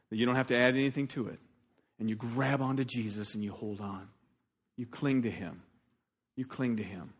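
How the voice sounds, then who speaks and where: A man preaching a sermon as pastor, animated and shifting between loud emphasis and quiet asides. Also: medium pitch, breathy edge.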